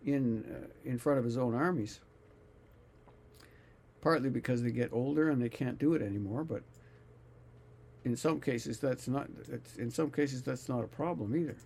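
Gravelly man musing over scripture. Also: medium pitch, normal speed, pauses often, darkish tone. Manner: musing, searching for words. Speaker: scripture reader and commentator. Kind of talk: reading aloud with casual commentary.

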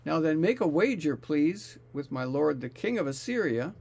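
A man reading aloud the taunting speech of a boastful male royal envoy, declaiming loudly and slowly. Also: on the high side, big pitch swings, creaky, slightly rough, exaggerated voice.

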